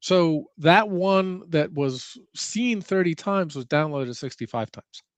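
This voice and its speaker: A man with a somewhat raised pitch talking casually on a podcast. He works through his explanation step by step, in plain conversational language. The recording is dry, with no room sound. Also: lively intonation, takes it slowly, no room sound. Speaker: podcast co-host. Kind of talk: casual chat.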